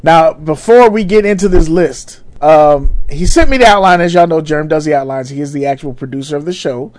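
A man in his thirties, talking in easy, casual chat on a podcast. His voice sits high for a man, and he curses freely. He jokes about himself and about getting old. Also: a little fast, darkish tone, no echo. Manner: laid-back, profane, self-mocking about getting old. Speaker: podcast co-host.

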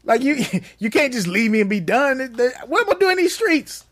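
A man in his thirties co-hosting a casual, crude podcast chat, animated and joking. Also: very high-pitched. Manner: animated, joking, quick rises into laughter. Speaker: podcast co-host.

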